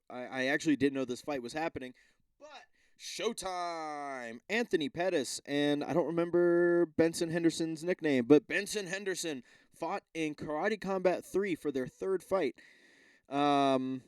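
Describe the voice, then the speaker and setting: A man's voice: a little high, a little mellow, smooth, dry recording. A young man hosting a solo podcast, chatting casually and rambling, swearing often and stumbling as he reads text aloud. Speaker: podcast host.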